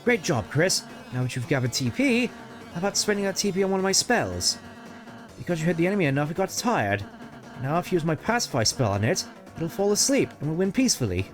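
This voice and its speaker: A man putting on the voice of a bashful, kindly goat prince from a fantasy game. The voice sits higher than his own and stays gentle and polite, with hesitant pauses and a patient, coaching manner. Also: very animated, faint music behind. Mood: encouraging. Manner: soft, polite, hesitant with little ums. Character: gentle shy young fluffy goat prince. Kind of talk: video game voice-over reading.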